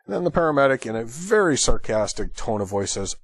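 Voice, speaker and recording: A man's voice: fairly low pitch, fast talker, few pauses, no room sound. A man hosting an EMS training lecture, explaining a call in a conversational way. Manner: conversational, thinking aloud with fillers. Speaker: EMS instructor and host.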